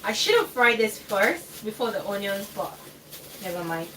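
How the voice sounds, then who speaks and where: A woman with a bright, medium-pitched, sing-song voice chats at a moderate pace while cooking live from her home kitchen. She rambles, laughs often, and hesitates with fillers. The mic is distant, with faint background noise.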